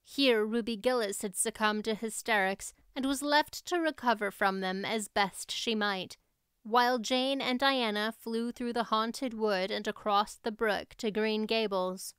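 A woman reading a classic novel aloud as an audiobook narrator, steady and expressive. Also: a little high, unhurried, smooth, no echo, clean studio sound.

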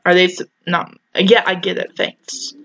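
A woman's voice: lowish voice, level tone, unhurried, fairly bright tone, dull audio. A young woman playing a horror game, chatting, talking back to the game and shrieking and swearing at the scares. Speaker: gaming YouTuber. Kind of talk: let's play commentary.

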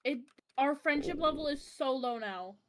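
A woman's voice: high-pitched, animated, normal speed, slight background noise. A woman playing a game with a friend on stream, blunt and teasing, swearing casually. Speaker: co-player on stream. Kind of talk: casual chat while gaming.

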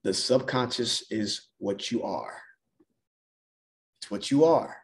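A man's voice: on the low side, takes it slowly. Emphatic motivational coach, man. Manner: emphatic, repeats phrases for effect. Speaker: business mindset coach. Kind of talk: motivational call talk.

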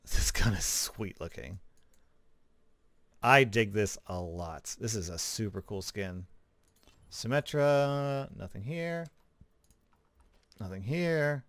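A man giving casual, chatty commentary as a gaming video creator, relaxed, with small laughs. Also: lowish voice, slow, long pauses, no room sound. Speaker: gaming YouTuber. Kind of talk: casual commentary over gameplay.

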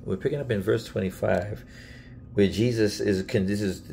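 A man's voice: fairly low pitch, moderate pace, vocal fry, a little mellow, slight background noise. A man preaching in a casual Bible teaching video, earnest and emphatic, often repeating himself and restarting phrases.

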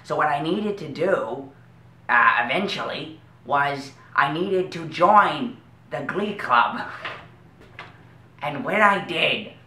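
A man's voice: fairly high pitch, animated, pushed and bright, heavily acted. A man doing a weird-voiced awkward teen boy. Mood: rambling. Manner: slow, meandering storytelling with odd leaps. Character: odd awkward teenage boy with a weird voice, rambling. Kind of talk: animated web series voice acting. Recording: roomy echo, faint hiss.

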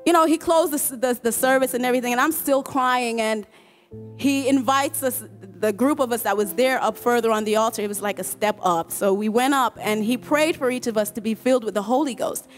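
At a church service, a woman from the choir shares a heartfelt, emotional testimony in a fairly high voice. She speaks haltingly, restarting and repeating words and frequently dissolving into laughter, with faint music playing behind her.

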